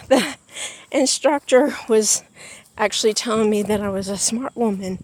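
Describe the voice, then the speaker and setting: Woman, out of breath, slow folksy walk-and-talk vlog outdoors. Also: fairly high pitch, slight background noise. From United States. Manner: chatty, folksy, talks to viewers as y'all. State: out of breath from walking. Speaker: vlogger. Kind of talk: casual vlog chat while walking. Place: outdoors in a backyard.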